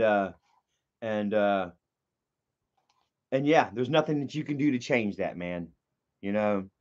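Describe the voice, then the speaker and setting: A man's voice: mid-range voice, muffled recording. A man livestreaming in casual chat, rambling and profane, with lots of filler words.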